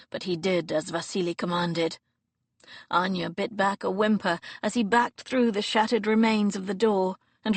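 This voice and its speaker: A woman's voice: medium pitch, no room sound. Woman reading an audiobook, dry. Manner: expressive, dramatic reading. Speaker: audiobook narrator. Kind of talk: scripted narration. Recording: dry close studio recording.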